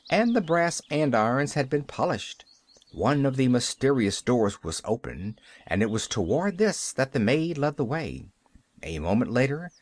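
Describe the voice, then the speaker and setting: A man narrating a classic novel as an audiobook, with a lively storytelling delivery. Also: mid-range voice.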